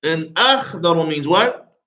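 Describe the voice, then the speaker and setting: A man's voice: on the high side, expressive, a little slow, sharp tone. A male Arabic teacher leading a classroom grammar lesson, drilling students with call-and-response and tossing in jokes. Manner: joking asides. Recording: lo-fi classroom recording.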